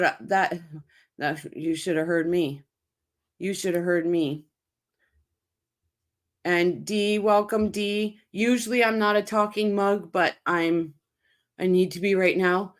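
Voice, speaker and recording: A woman with a lowish voice, a channel host, rants slowly and angrily on a livestream, reacting to a court case and reading chat. Heated and upset, she swears and speaks in short, repeated bursts.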